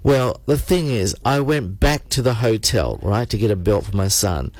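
Animated radio host, dry studio sound. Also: male voice, fairly low pitch, normal speed, no room sound. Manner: animated rambling storyteller, frequent restarts. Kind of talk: casual studio banter.

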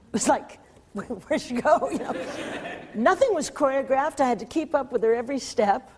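A woman being interviewed, telling a lively anecdote, often laughing and acting out the voices she quotes. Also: high voice, fairly quick, a little hiss or hum. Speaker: interview guest. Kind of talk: storytelling anecdote.

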